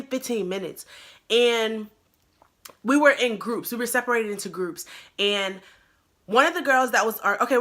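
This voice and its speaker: Bright-voiced young woman telling a story. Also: a little high. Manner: animated, acts out quotes in a louder voice; slangy, lots of "like" and "bro". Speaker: YouTuber. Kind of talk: casual storytelling chat.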